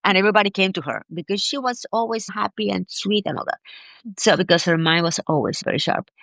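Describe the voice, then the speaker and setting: A woman being interviewed as a grief expert, telling a personal story in an animated, emphatic way and often repeating words. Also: medium pitch, quick pace, gravelly, no room sound. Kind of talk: conversational storytelling.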